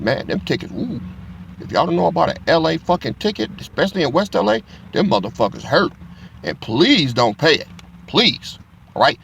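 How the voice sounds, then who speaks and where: A man's voice: medium pitch, gravelly, fairly bright tone, a little hiss or hum. A middle-aged man teaching from the Bible in a casual, profane storytelling style, laughing as he goes.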